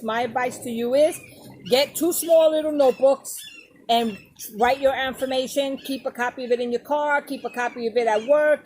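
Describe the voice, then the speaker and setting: Woman, casual vlog advice, emphatic and direct with viewers, pitch a touch high, light noise floor. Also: darkish tone. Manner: emphatic, talks straight to viewers, repeats points. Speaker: vlogger giving advice. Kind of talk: casual advice talk to camera.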